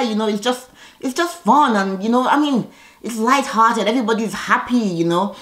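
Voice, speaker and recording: A woman giving a casual recap of a reality TV episode, blunt, sassy and animated as she comments on the cast. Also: fairly high pitch, normal speed.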